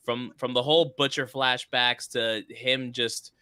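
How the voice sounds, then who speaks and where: A man's voice: medium pitch, steady tone, unhurried, bright, forceful tone, clean tone, no echo. A young man co-hosting a podcast, chatting casually and animatedly about a TV episode, often quoting scenes and laughing. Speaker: podcast co-host. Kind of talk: casual chat.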